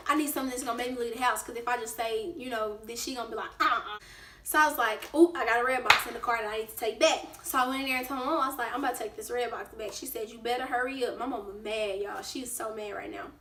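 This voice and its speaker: A woman vlogger telling a casual storytime, lively and acting out what people said. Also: fairly high pitch, far from the mic, a little hiss or hum. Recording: roomy echo, away from the mic.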